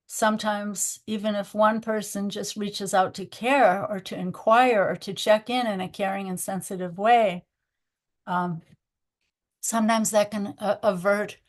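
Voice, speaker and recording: A woman giving an informal spiritual talk at a temple, telling stories in a gentle, reflective way. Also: medium pitch. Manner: gentle, reflective storytelling with soft laughs. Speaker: spiritual teacher.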